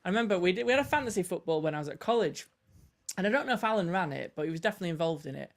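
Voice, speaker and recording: Fast-talking northern English man. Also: high voice, expressive. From North West England. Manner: storytelling, self-mocking. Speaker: guest minister. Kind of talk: casual chat.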